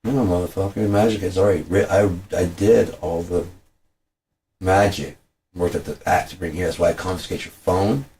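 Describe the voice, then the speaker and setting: A man's voice: low voice, darkish tone. A man talking through a heated, profane, rambling commentary and acting out the people he quotes. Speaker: vlogger.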